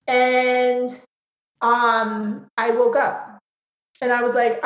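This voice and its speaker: A woman's voice: on the high side, level tone, very slow. Woman, interview guest, frank, filler-heavy, swears, roomy echo. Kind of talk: candid personal interview.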